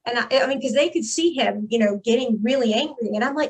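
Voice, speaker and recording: Higher-voiced woman telling her story emphatically. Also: fast talker. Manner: emphatic, animated retelling. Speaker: guest. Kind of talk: personal storytelling in a podcast interview.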